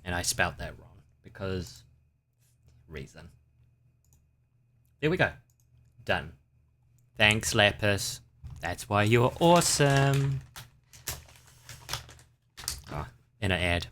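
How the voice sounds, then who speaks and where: A man's voice: on the low side, sing-song, slow, long pauses, a bit bright, slight background noise. A man hosting a casual livestream, rambling and chatting with his viewers. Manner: rambling, chatty, talks to chat. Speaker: livestream host.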